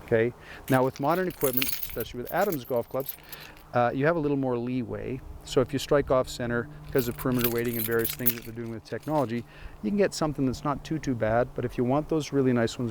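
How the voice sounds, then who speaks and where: Man, golf instructor, chatty lesson, dry sarcasm, rhetorical questions, mid pitch, faint background noise. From Canada. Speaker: golf teaching pro.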